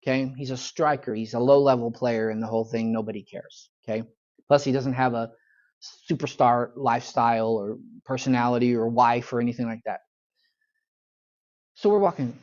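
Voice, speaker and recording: A man's voice: mid-range voice, darkish tone. A man, a pastor teaching a church Bible study in a folksy, conversational storytelling manner. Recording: dull lo-fi church recording.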